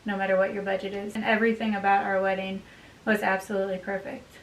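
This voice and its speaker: A woman vlogger chatting casually to the camera at home, upbeat and quick to laugh. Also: medium pitch, completely flat delivery. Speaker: vlogger, bride. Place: home room by a desk. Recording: roomy, distant mic with faint hiss.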